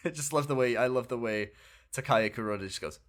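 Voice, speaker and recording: One of a podcast's co-hosts, a man with a mid-range voice at normal speed, casually recounts a video game story. He laughs as he goes and animatedly voices the characters' lines.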